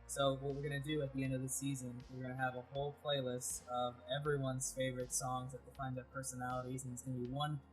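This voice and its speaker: A man's voice: mid-range voice, little pitch movement, fast talker, hardly any pauses, soft background music, low-quality recording. A man hosting an interview show in a casual, playful way, making jokey, goofy asides as he wraps things up. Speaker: host.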